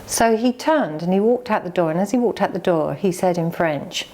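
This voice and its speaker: A middle-aged English woman co-hosting a vlog, candidly and emotionally retelling a hard experience, halting and choked up at times. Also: lowish voice, lively intonation, warm tone, a little hiss or hum. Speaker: vlog co-host. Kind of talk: candid conversation.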